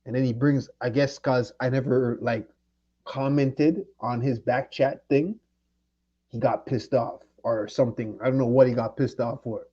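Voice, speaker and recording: A man's voice: medium pitch, steady tone, measured pace, dark tone, husky, lo-fi sound. A man from Jamaica ranting angrily and profanely at someone during his livestream. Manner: angry, profane, confrontational. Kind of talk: heated livestream rant.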